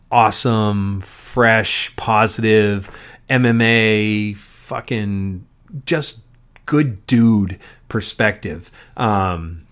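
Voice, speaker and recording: Rambling, profane male podcast host. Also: on the low side. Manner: rambling and profane, with frequent ums. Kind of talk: solo podcast monologue. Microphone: podcast mic.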